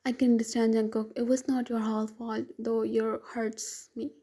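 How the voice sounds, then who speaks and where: A woman voicing a hurt young wife who speaks gently but firmly. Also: on the high side, flat delivery, moderate pace, slightly rough.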